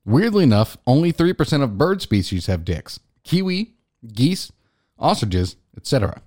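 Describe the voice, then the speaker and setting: A man's voice: mid-range voice, very animated, moderate pace, a little mellow. A man co-hosting a casual podcast, dry and blunt, swearing casually. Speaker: podcast co-host. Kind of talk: casual chat.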